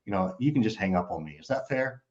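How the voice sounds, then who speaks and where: A man's voice: fairly low pitch, expressive, fast talker, a little mellow. A man who is a sales expert, explaining his scripts in a playful, humorous way during an interview. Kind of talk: casual interview answer. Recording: slightly dull lo-fi audio.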